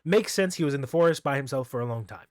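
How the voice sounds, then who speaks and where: Male manga recapper, mid pitch, giggly and rambling, dry close sound. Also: expressive, fast talker, dry recording. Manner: rambling, giggly, stumbles over names. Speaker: manga reviewer. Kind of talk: casual solo manga recap.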